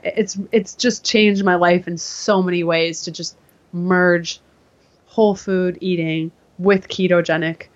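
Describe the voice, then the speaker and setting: A woman guest in an interview, telling her story in a casual, animated way and acting out what others said to her. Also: lowish voice, unhurried. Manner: animated, acts out quoted voices. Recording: dull lo-fi sound.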